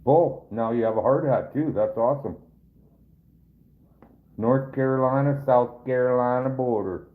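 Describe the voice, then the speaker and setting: Through a tinny, phone-like recording, a trapper hosting a casual live stream speaks in a mid-range voice at a measured pace with long pauses. He rambles and jokes with viewers in a folksy manner.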